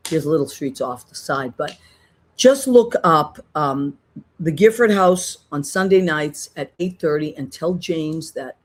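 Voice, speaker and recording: A woman's voice: sits low, a little mellow. Woman, middle-aged, podcast host, casual rambling chat. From Boston, USA. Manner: chatty, rambling with many restarts.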